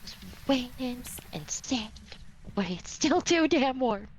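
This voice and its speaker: A woman co-player chats through a ghost-hunting game in a relaxed, joking way, with casual swearing. Her voice sits slightly high and rises and falls a lot. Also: takes it slowly, a little hiss or hum, low-quality recording. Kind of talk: casual gaming chat with a friend.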